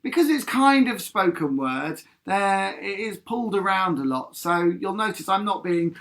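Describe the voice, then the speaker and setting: A man's voice: sits high, lively intonation, normal speed, hardly any pauses, heavy background noise. A man leading a live-streamed sing-along lesson, chatty and encouraging, breaking into song now and then. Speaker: music leader of a sing-along. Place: home in Havering. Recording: guitar music behind the voice. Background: guitar playing.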